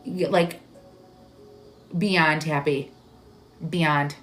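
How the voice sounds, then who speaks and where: Woman, live-stream medium, halting searching speech, lowish voice, faint background music. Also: steady tone, fairly bright tone. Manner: halting, searching delivery with many "like"s; emotional, tearful at moments. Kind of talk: live-stream spirit reading.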